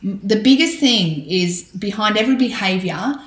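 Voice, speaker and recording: A woman in her thirties, a parenting podcaster, giving advice in an animated, chatty conversational interview full of fillers and restarts. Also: mid-range voice, normal speed. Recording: roomy echo.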